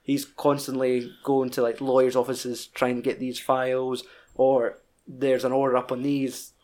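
A man with a Scottish accent chatting casually as a podcast co-host, telling a film's story in an animated, heavily sweary way. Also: mid-range voice, measured pace. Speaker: podcast co-host reviewing a film. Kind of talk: casual chat.

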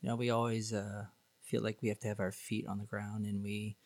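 A man's voice: lowish voice, flat delivery, a little fast, a little mellow, no room sound. A man, a podcast guest, telling his own story in a candid, sarcastic, rambling way with many fillers. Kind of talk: casual storytelling.

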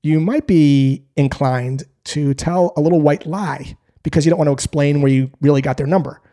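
Calm, direct male sales trainer. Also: a little high, normal speed. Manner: calm, direct, acts out short sample calls. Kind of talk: instructional talk to camera.

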